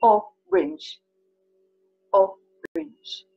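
A woman's voice: high-pitched, animated, extremely slow, creaky, darkish tone, muffled recording. A British woman teaching signs for colours to children in a chatty, playful, encouraging way. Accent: British English. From England. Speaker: sign language tutor. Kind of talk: children's signing lesson.

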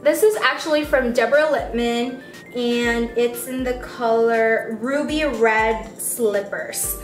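A young woman with a squeaky voice, chatting excitedly as a beauty vlogger unboxing products in a casual vlog. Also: slow pace. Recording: roomy sound, mic at a distance, faint music.

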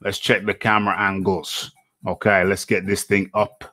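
A man's voice: low-pitched, flat delivery, moderate pace, bright, forceful tone, no echo. A man hosting a live online boxing interview show, chatty, repeating his phrases as he talks through his setup.

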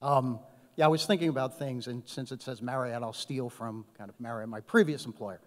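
A man's voice: medium pitch, fairly quick. A man speaking as an HR executive on a conference panel, telling anecdotes in a conversational way, often checking in with "right?". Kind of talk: panel discussion. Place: conference hall. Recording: echoey conference hall.

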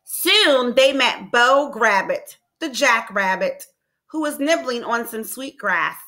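Lady teacher reading a picture book to kids, high voice, super animated. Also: slow. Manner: expressive, encouraging questions to kids. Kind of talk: storybook read-aloud lesson.

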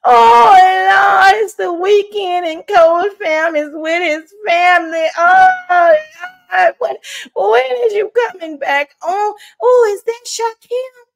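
A woman's voice: very high voice, slow, gravelly, pitched above the performer's own voice, full character voice. A woman voicing a swooning Southern woman who fawns over a man, in an exaggerated Southern drawl. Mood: wailing.

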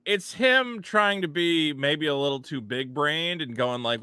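A man's voice: on the high side, normal speed, hardly any pauses, pushed and bright, clean tone, no room sound, studio quality. A man hosting a casual podcast chat, sarcastic and joking, putting on mock voices when quoting people. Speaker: podcast host.

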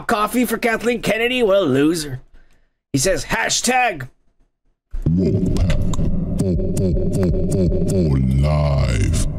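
A man's voice: high voice, creaky, fairly bright tone. A man hosting a podcast, reading viewer comments aloud in a crude, rambling, mocking way and laughing often.

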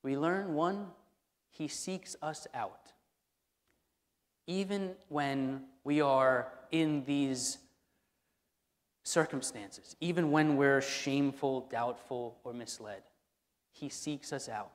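The pastor's mid-range voice moves slowly, pausing often as he preaches in the sanctuary. He talks conversationally and leans on repeated key phrases for emphasis, with long hall reverb around him.

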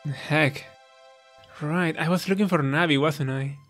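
Slow-talking man commentating a game. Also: a little high, fairly bright tone. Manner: reactive, chuckling, reflective. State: tearing up. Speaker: gaming channel host. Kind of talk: let's play commentary. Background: faint game music.

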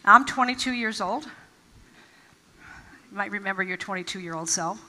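A woman giving an inspirational stage talk, telling stories and acting out quotes with emphatic pauses. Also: mid-range voice, big-room sound, noisy background. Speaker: motivational speaker. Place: large event hall.

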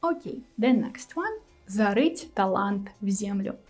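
A woman's voice: mid-range voice, animated, a little slow, a little mellow, faint music behind. A young woman with a Russian accent, a native Russian speaker, patiently explaining idioms in a video lesson. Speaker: language teacher.

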